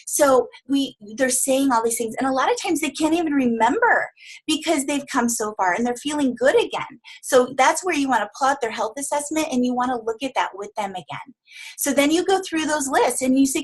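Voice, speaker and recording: Upbeat woman coaching trainer, high voice. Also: expressive, a little fast, slightly rough. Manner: upbeat, encouraging, acts out client voices.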